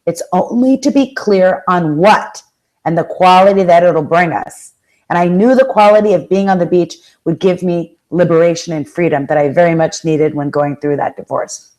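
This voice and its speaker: A woman giving a motivational talk, telling stories with lively acted-out quotes and direct questions to the audience. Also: on the low side, normal speed, low-quality recording. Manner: animated storytelling, acts out quoted voices. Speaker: motivational speaker and life coach.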